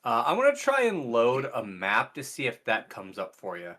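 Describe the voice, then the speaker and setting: A man running a tabletop game and talking through the last session in a loose, chatty way. His voice is bright and forceful, and he drops filler words as he goes. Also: medium pitch, moderate pace. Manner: relaxed, uses many fillers. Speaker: game master. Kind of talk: casual tabletop game recap.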